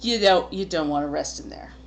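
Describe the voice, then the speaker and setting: A woman's voice: lowish voice, slight background noise, pitched below the performer's own voice, close to an everyday voice. A woman voicing an exasperated young man who swears bluntly, in a tabletop game. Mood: weary. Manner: blunt, weary, quick to curse.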